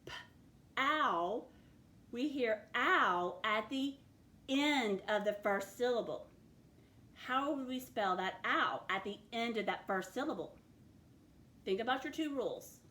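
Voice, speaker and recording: A woman's voice: on the high side, fairly bright tone. A woman teaching a phonics lesson to children, patiently sounding out words letter by letter.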